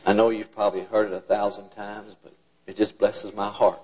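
A man's voice: fairly low pitch, little pitch movement, moderate pace, a little mellow, slightly rough. An older man, preaching in a folksy, plain-spoken storytelling style and acting out his father's words. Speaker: preacher telling stories about his father. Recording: dull lo-fi church recording.

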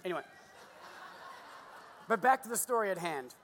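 A man's voice: high voice, big pitch swings, normal speed, a bit bright, a little hiss or hum. A middle-aged Australian man preaching a sermon, joking and telling stories, acting out voices. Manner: jokey storytelling, digressive, acts out voices. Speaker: pastor. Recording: long hall reverb.

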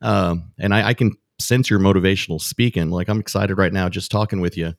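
A man's voice: low voice, fairly even intonation, fairly quick, no room sound, studio quality. A man hosting a podcast, upbeat and encouraging as he talks with his guest. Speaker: podcast host. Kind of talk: casual podcast conversation.

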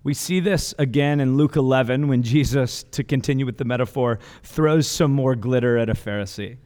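A man's voice: medium pitch, normal speed, a little mellow. A man preaching a sermon as pastor, earnest and conversational, with casual asides and restarts. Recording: long hall reverb.

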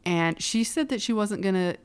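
A woman guest in a casual interview who runs a brow studio, bubbly and animated as she tells stories and laughs often. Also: medium pitch, moderate pace, clean tone.

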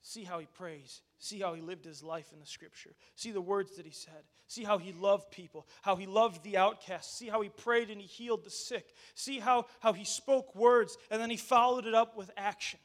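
Male pastor with a high voice, animated sermon that drops into casual asides with the church. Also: normal speed, hardly any pauses. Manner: animated, addresses the congregation directly; conversational asides with restarts.

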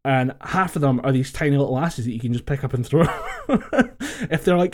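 A man's voice: medium pitch, brisk. Laughing Scottish man telling stories. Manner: laughing, swearing storyteller. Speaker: podcast co-host. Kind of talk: casual chat. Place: home, recorded over a voice call.

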